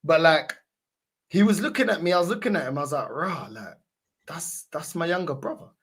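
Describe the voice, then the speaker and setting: A man telling a story in casual chat, animated and laughing, with a lot of slang. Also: fairly high pitch, fast, slightly rough.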